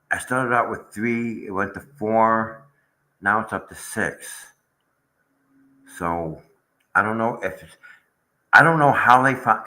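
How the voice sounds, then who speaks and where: A man's voice: fairly low pitch, pushed and bright, rough recording. A man hosting a casual livestream chat, rambling and aggrieved as he talks to viewers in the chat. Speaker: channel host.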